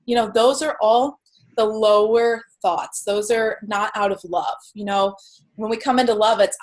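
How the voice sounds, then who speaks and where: A woman's voice: medium pitch, steady tone, normal speed, low-quality recording. A woman, a guest speaking earnestly and openly about her spiritual path on a video call. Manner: earnest, spiritual, acts out inner voices. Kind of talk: heartfelt interview talk.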